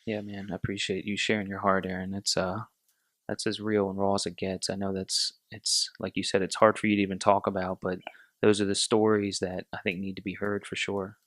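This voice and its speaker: A man's voice: sits low, flat delivery, brisk, fairly bright tone, no room sound. A man hosting a podcast, speaking in an encouraging, affirming way. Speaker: podcast host. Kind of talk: casual podcast chat.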